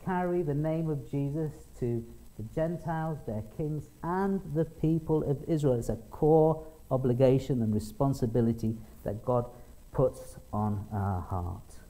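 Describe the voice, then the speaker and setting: A man's voice: medium pitch, a little slow, dark tone, poor audio. A middle-aged man preaching a conversational sermon, telling stories and quoting people in small acted voices. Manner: conversational, with restarts and acted quotes. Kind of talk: sermon with storytelling.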